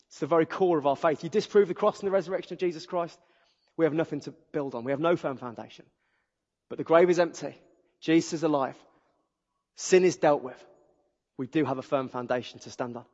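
A man delivers a lively sermon, warm with humour and full of exuberant energy. His voice sits fairly high for a man. The recording sounds muffled and dull, and a long echo trails off through the church hall. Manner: exuberant, animated and humorous. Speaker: preacher. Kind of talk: sermon with storytelling. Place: church auditorium.

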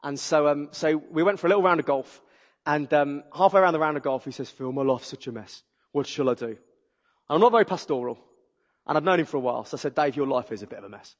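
A man preaching a sermon, exuberant and animated, telling humorous stories to a church audience. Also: fairly high pitch, fast. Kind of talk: sermon with storytelling. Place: church auditorium. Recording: dull audio with long hall reverb.

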